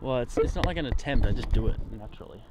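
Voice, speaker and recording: A man's voice: mid-range voice, animated, fast, background noise. A man with an Australian accent, hosting a casual livestream and laughing often as he playfully dodges requests. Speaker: livestream host. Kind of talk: casual chat. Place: outdoors at an airport.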